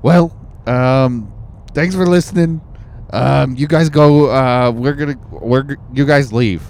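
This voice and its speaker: A man with a New Zealand accent hosting a podcast, bantering casually and haltingly with many fillers. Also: medium pitch, gravelly, a little mellow. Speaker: podcast host.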